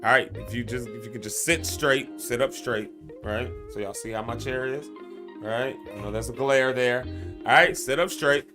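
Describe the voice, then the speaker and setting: A man's voice: medium pitch, moderate pace, over music. A man with a Southern US accent hosting a live morning stream, chatting loosely with viewers, laughing often and calling them y'all. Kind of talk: casual live-stream chat with breathing tips.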